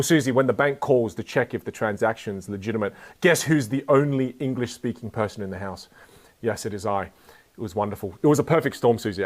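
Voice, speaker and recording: Young male speaker, energetic and joking, teaching communication to a live audience. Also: mid-range voice. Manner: energetic, playful, jokes with the audience. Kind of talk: live motivational talk to an audience.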